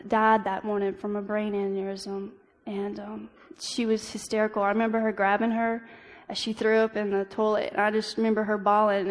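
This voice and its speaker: A young woman giving an earnest personal testimony as a church devotional, halting often with ums and restarts. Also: mid-range voice. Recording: long reverb of a hall.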